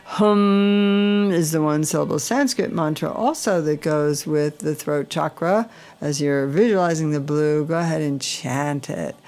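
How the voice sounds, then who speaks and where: Slow, gravelly-voiced woman guiding meditation. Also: deep voice, a little mellow. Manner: slow, soothing instructions with breathing cues and mantra chanting. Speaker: meditation guide. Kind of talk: guided chakra meditation.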